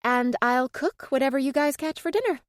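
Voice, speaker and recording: A playful, teasing young woman, pitched noticeably higher and brighter than the surrounding narration, as a woman reader puts her on. She sounds lively and cheerful, and the dry, close recording keeps her crisp. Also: normal speed, dry recording. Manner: bright, lively, mock Southern drawl at times.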